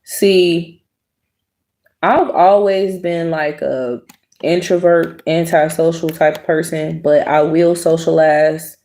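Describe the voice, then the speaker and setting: A young adult woman telling viewers a personal story in a blunt, profane, casual way, acting out what people said. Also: low voice. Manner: blunt, profane, animated quoting. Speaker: host.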